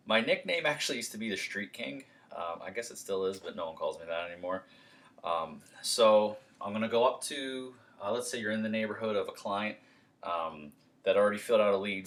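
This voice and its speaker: Young man, low voice, upbeat casual sales trainer, chatty with fillers. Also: a bit bright, far from the mic. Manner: upbeat, friendly, lots of fillers. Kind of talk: casual training talk with role-play.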